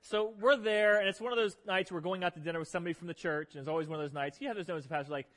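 A man preaching a sermon, telling a funny story about himself in an animated, self-deprecating way to his church congregation. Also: sits high, very fast. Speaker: pastor. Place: church sanctuary. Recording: long reverb of a large hall.

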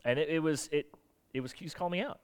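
A man's voice: fairly high pitch, quick pace, smooth. A middle-aged man, a pastor from the United States, preaching a conversational sermon and acting out quoted voices.

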